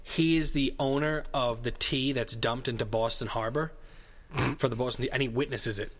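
A man's voice: mid-range voice, fairly even intonation, moderate pace, a crowd in the background. A man co-hosting a casual podcast, rambling and digressive with a jokey tone. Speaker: podcast co-host. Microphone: headphones and studio mic.

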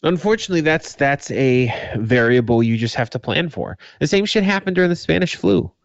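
A man's voice: fairly high pitch, lively intonation, fairly quick, no room sound, lo-fi sound. A man co-hosting a podcast in casual chat, swearing freely and speaking emphatically. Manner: profane, emphatic. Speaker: podcast co-host.

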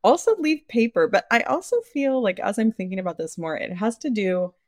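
A young woman co-hosting a podcast, chatting casually, laughing often and telling animated stories. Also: fairly high pitch, a little fast, no echo. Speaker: podcast co-host. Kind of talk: casual chat.

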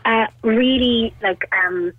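A woman's voice: a little high, takes it slowly. A woman in her thirties with an Irish accent, a radio caller telling a personal story in a chatty, rambling way. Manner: chatty and rambling, full of "like" and "you know". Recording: tinny phone line.

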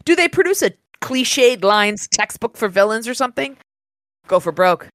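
A woman's voice: fairly high pitch, very animated, normal speed, a bit bright, no room sound, studio quality. Woman reading a wisecracking wizard. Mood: sardonic. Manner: sarcastic quips. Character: wisecracking male wizard narrator, sardonic.

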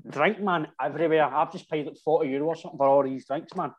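This Scottish football supporter spins rambling drinking stories in casual chat, packed with slang and "right?". He talks fast in a slightly high voice.

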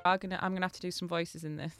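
A woman's voice: fairly low pitch, level tone, very fast, loud music behind the voice. A young woman co-hosting a comedy podcast, reading a folk tale aloud with jokey asides and frequent laughs. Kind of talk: casual comedic storytelling.

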